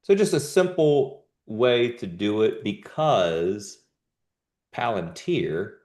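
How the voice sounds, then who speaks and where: This live trading show host has a fairly low voice and takes his time. His market talk is casual yet animated, lurching into sudden emphatic bursts and sprinkled with slangy asides.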